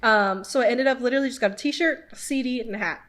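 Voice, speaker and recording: A woman in her twenties hosting a podcast, telling a story casually with lots of "like" fillers and animated quoting of people. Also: on the high side, fast. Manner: chatty, filler-heavy with many "like"s. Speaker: podcast host.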